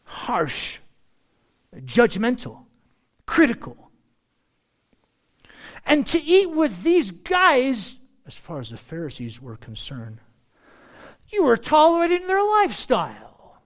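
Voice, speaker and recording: A man preaches to his congregation in an animated, chatty way, throwing in jokes and playful asides. His pitch roams widely as he talks, rising high for emphasis and dropping low for confiding remarks. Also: slow, long pauses. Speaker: pastor. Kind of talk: sermon.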